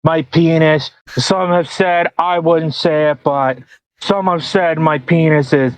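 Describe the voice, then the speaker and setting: A pompous, bragging politician, as a man puts him on for a joke, stretches his words slowly and proudly. The sound is dry and close. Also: fairly high pitch, steady tone, smooth, no echo, voice pushed up. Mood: boastful. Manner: pompous, drawn-out boasting. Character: impression of a boastful male politician.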